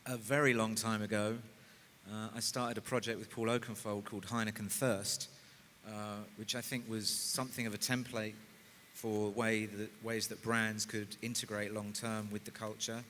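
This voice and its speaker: A man speaking on a music industry panel in a thoughtful, measured way. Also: on the low side, flat delivery, fairly bright tone. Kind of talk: panel discussion. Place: conference stage in a large hall. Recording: hall reverb, faint noise.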